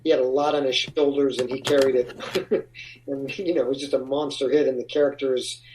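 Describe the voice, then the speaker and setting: A man's voice: mid-range voice, steady tone, a little fast, darkish tone, far from the mic, slight background noise, poor audio. A man being interviewed about his acting career, talking casually in rambling, restarting sentences. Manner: rambling, with frequent restarts and laughs. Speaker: actor, interview guest.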